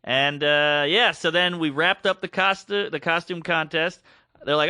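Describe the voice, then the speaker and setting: A man co-hosting a podcast, telling a long story in a casual, animated way and acting out the voices of the people in it. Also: fairly high pitch, moderate pace, no room sound, clean studio sound. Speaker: podcast co-host.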